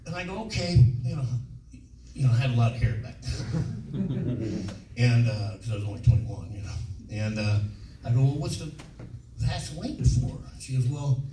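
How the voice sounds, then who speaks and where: A man in his sixties, a guest on a convention panel, tells rambling, profane anecdotes and laughs often in casual onstage storytelling. His voice sits at a medium pitch, moving at a moderate pace with long pauses. The recording comes from an echoey hall through a distant mic, with faint hiss.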